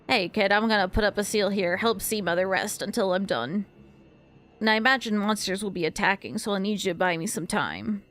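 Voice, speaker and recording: Woman voicing a gruff man, brisk orders, lowered voice, game music. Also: a bit bright, lightly acted. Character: gruff adult male fighter, brisk and practical.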